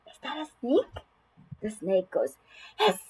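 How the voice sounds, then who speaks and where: A woman showing how to read a picture book aloud to a toddler, in an expressive sing-song way with gasps, then giving tips to parents. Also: medium pitch, takes it slowly, poor audio.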